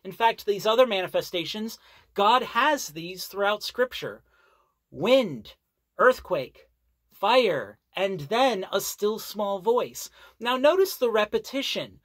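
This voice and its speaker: A Bible teacher giving an earnest sermon, reading scripture aloud and explaining it with deliberate repetition. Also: medium pitch, expressive, no room sound. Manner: earnest, deliberate, repeats key phrases for emphasis.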